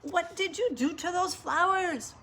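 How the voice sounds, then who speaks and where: A woman's voice: high voice, expressive, a little fast, a little hiss or hum, voice pushed up. A woman reading a picture book aloud, voicing a flustered, proper lady of the house who scolds in exasperation. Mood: exasperated.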